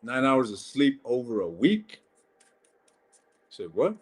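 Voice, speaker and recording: A man's voice: medium pitch, sing-song, takes it slowly, husky. A man giving a casual live-stream tarot reading, blunt and chatty, swearing and calling viewers ladies and gents.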